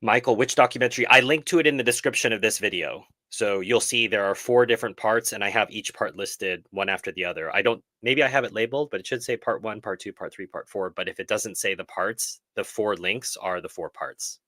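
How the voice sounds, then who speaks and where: A man with a lowish, bright, forceful voice talks briskly with few pauses, and the audio has no echo. He hosts a casual film club live stream discussion, speaking earnestly and thoughtfully while often revising what he says mid-sentence.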